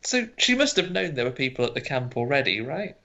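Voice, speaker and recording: Man, bright forceful voice, slightly dull lo-fi sound, casual film chat. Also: medium pitch, very animated, brisk. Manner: storytelling, acts out quotes. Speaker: podcast co-host. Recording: dull lo-fi podcast audio.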